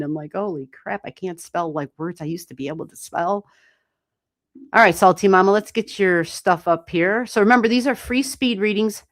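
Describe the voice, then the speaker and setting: A woman giving live astrology readings on a stream, chatty and animated, swearing casually and laughing often. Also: on the low side. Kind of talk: casual livestream chat.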